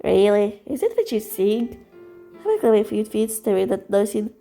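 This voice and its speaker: A woman's voice: mid-range voice, big pitch swings, moderate pace, warm tone, faint music behind. A woman reading a visual novel aloud in the first person, emotional, with stumbles and restarts. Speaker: reader voicing a visual novel.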